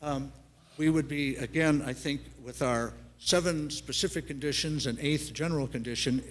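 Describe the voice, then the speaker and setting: Man, applicant's representative, mid-pitched voice, measured, agreeable, public meeting. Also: a little hiss or hum. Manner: measured, accommodating. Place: city council chamber.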